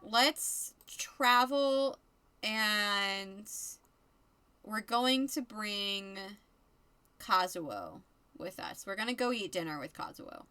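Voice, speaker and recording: A woman's voice: medium pitch, very slow, clean tone, no room sound. A young woman giving casual, chatty let's-play commentary on a life-simulation game, laughing often. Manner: giggly, chatty, animated. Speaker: gaming video creator.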